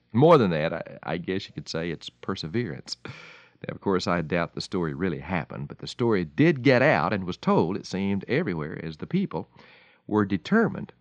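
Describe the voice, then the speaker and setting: A man's voice: deep voice, dry recording. A man giving a radio devotional talk as a preacher, telling a story in a folksy, emphatic way. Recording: dull lo-fi radio recording.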